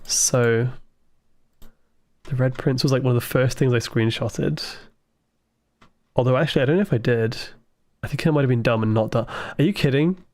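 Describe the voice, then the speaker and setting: A man livestreaming a puzzle game, thinking aloud with excited asides to his chat. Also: mid-range voice, moderate pace, long pauses, dry recording. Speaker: game streamer. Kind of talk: live gameplay commentary.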